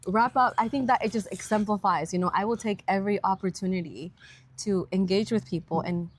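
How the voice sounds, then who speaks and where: A woman's voice: medium pitch, a little fast. A woman with a mid-range voice talks as a podcast guest. She sounds earnest and upbeat while chatting casually outdoors in a park. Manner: earnest and upbeat, talks about civic engagement. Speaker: guest, county attorney. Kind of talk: casual interview chat.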